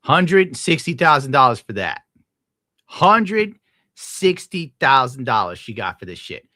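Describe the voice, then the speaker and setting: A man talks casually on a livestream, rambling and swearing as he reacts to chat. His voice is bright and forceful. The sound is dry and close, with no room echo. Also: medium pitch, sing-song, measured pace. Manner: profane, rambling, laughs often. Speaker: livestreamer reading chat messages.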